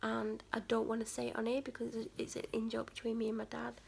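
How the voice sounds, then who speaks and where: A woman's voice: fairly high pitch, monotone, quick pace, creaky, a little hiss or hum. A woman vlogger talking casually to the camera, rambling with many fillers and restarts.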